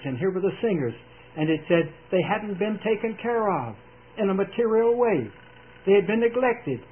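A man with a high voice preaches a sermon earnestly and emphatically, using dramatic pauses. It comes through a tinny old radio broadcast with slight background noise.

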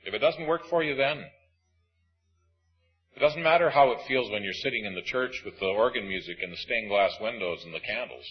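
A man preaching a sermon, emphatic and swinging between loud and hushed. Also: medium pitch, fairly quick, slightly rough, lo-fi sound, faint music behind.

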